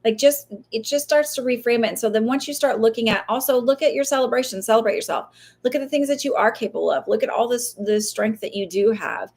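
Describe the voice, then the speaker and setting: A woman's voice: on the high side, fast, darkish tone. Chatty, rambling woman psychic medium. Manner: rambling, chatty, swears and laughs often; acts out voices in quotes. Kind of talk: casual live-stream advice talk.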